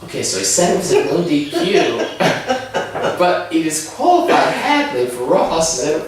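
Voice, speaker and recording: A young man casually telling a story as a podcast co-host, animated and laughing often as he acts out quotes. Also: fairly high pitch, normal speed. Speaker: podcast co-host recounting wrestling events. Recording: very echoey room, distant mic, faint hiss.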